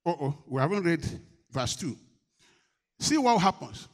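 A man preaching a sermon to his church, moving between loud, shouted declarations and quieter call-and-response where he prompts the congregation to answer. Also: big pitch swings, a little slow, pauses often. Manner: swings from shouted exhortation to low coaxing call-and-response.

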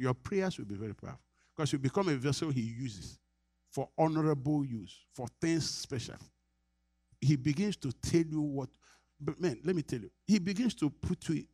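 A man's voice: mid-range voice, lively intonation, normal speed, warm tone, no echo, clean studio sound. A middle-aged Nigerian man preaching a sermon as pastor, earnest, repeating his phrases and laughing often.

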